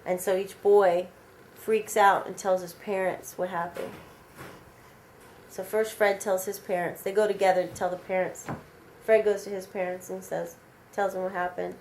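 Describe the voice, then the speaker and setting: A woman telling an original vampire story aloud in a casual, animated, rambling way, with many fillers. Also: medium pitch, normal speed, slight background noise.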